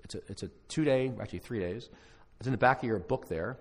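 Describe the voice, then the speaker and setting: A man's voice: fairly low pitch, quick pace. A male pastor giving a conversational conference talk to church leaders, with frequent restarts and asides. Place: large conference hall. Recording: live hall recording with long reverb.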